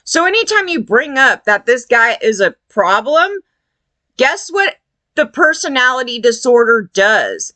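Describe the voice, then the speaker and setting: A woman commentator delivering a heated, profane opinion rant, scornful in tone and quick to mock others in put-on voices. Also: sits high, bright, forceful tone, no echo. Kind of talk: ranting opinion video.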